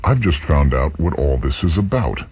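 A man's voice: extremely low pitch, big pitch swings, normal speed, a little mellow, breathy edge, full character voice. A man voicing an anxious young male engineer who speaks urgently, in a dull lo-fi recording. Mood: uneasy. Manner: urgent, worried.

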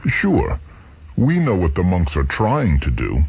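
A man's voice: sits low, wildly swooping pitch, takes it slowly, creaky, husky, no room sound, full character voice. A man voicing an anxious young male engineer who speaks urgently, in a dull lo-fi recording. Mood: uneasy. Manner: urgent, worried.

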